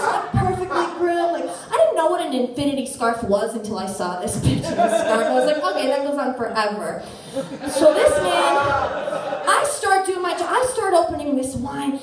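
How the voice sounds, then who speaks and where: A woman in her thirties telling a story on a theater stage, animated and self-mocking. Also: high voice, distant mic. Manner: animated, self-mocking, quick shifts into voices. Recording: echoey theater, voice from afar.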